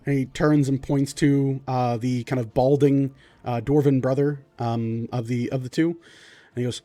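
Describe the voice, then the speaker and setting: A man's voice: medium pitch, measured pace. Easygoing male game master narrating the scene. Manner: relaxed, loose narration with fillers.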